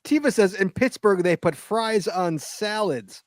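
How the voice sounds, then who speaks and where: A man's voice: sits high, a little slow, dry recording, studio quality. A man hosting a casual podcast chat, reading listener comments aloud and reacting emphatically with frequent laughter. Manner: animated, emphatic, laughs often. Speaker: podcast host.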